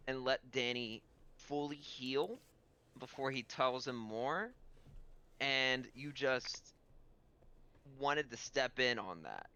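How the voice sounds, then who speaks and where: Game master guy rambling thru the scene, bright voice, lots of likes and ums. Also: medium pitch, clean tone. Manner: rambling, filler-heavy, animated. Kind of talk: narrating a tabletop game.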